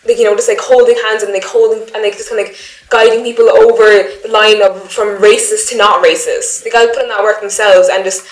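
A woman's voice: medium pitch, flat delivery, fast. A young woman with an Irish accent, talking candidly and animatedly in a casual group discussion. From Ireland. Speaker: panel guest. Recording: roomy echo.

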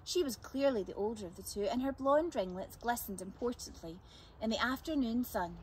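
A woman reading a chapter book aloud for children, with expressive, lively narration. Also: a little high, moderate pace, a little hiss or hum. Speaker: storyteller.

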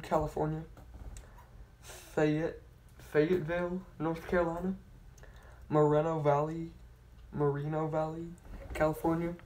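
Host reading place names real slow, flat voice, keeps redoing the hard ones and saying sorry. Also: medium pitch. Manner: slow and careful, stumbling and retrying hard names; apologetic about pronunciation. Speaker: channel host.

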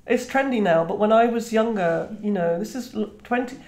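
At a moderate pace, a medium-pitched, slightly mellow female voice reflects on things as a guest author in a conversational interview. She is in her fifties, from Trinidad, speaks British English, and keeps restarting and saying "you know." There's a roomy echo.

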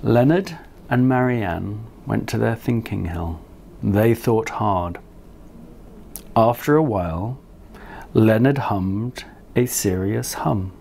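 A man reading his picture book aloud, speaking gently and directly to young listeners. His delivery is very slow, his voice low with a gravelly edge, and there is a faint hum of ambient noise behind him. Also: animated. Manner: gentle, unhurried storytelling, speaking to children. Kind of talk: storybook read-aloud.

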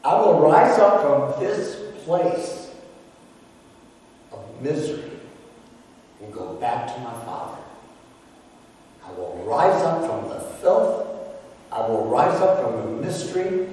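A humbled prodigal son voiced by a preacher speaks earnestly and solemnly in measured, slow words. The recording sits far back in a reverberant hall, with a faint ambient hiss behind it. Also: male voice, a little high, very animated, mellow.

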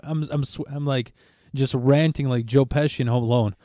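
A man's voice: mid-range voice, flat delivery, brisk, hardly any pauses, mellow, dry recording. A man in casual podcast chat, rambling through a story with plenty of swearing and stumbling restarts. His voice sits in an ordinary middle register, and it is recorded close and dry with little room sound. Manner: rambling, profane, stammers and restarts. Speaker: podcast host.

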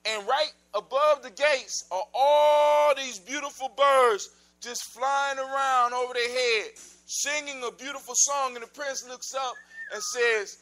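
A man telling a folk tale aloud in a casual, animated, conversational way. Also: very high voice, a little slow, low-quality recording. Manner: animated, conversational, informal grammar. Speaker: storyteller. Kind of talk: casual oral storytelling.

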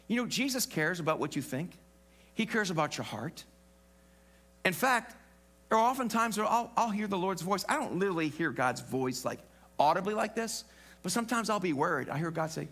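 Male pastor, bright and high, conversational sermon delivery with humorous asides. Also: big pitch swings, brisk. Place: church.

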